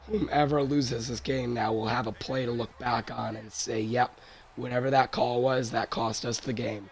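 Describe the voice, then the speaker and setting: A hoarse young man doing play-by-play commentary of a football game, his worn-out voice jumping high on big plays. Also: steady tone, moderate pace, slight background noise. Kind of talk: solo sports commentary over a video game.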